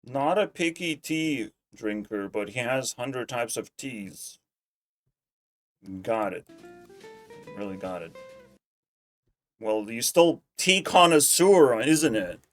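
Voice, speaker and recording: A man's voice: mid-range voice, animated, takes it slowly, long pauses, soft background music. A man streaming casual commentary, ranting in a heated, profane way and repeating himself when worked up. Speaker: streamer reacting to clips.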